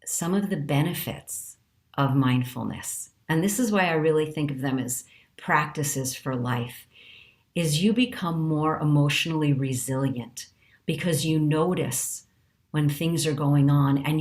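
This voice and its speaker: Middle-aged woman, low voice, calm and earnest mindfulness teacher with measured pauses. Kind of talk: teaching talk.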